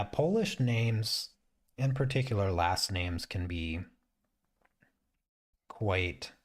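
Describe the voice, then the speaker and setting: A man hosting a painting stream, chatting casually as he works and thinking aloud with frequent restarts. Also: low voice. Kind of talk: casual chat while painting.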